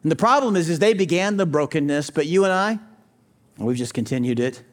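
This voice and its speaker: High-voiced man preaching with emphatic repetition. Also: lively intonation, brisk. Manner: direct address to skeptics, rhetorical questions. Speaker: pastor. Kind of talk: sermon.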